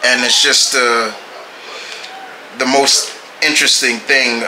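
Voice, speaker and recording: A man talks through a comic book review in a slow, unhurried way, often stumbling and repeating himself before finishing a thought. His voice is bright and edged, and it bounces around an echoey room with faint music underneath. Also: mid-range voice, level tone, slight background noise. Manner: halting, repeats and restarts phrases. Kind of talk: casual video review.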